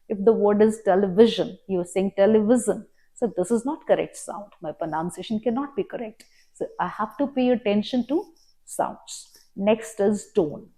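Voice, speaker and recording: A woman's voice: medium pitch, warm tone. A woman with an Indian English accent giving exam tips as a coach. She speaks in an earnest, explanatory way and walks through her advice step by step. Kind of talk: instructional talk to camera.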